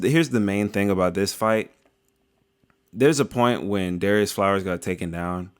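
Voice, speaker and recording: Young man, reaction commentary, low voice, rambling and slangy, jokes throughout. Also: smooth. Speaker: video creator reviewing fights.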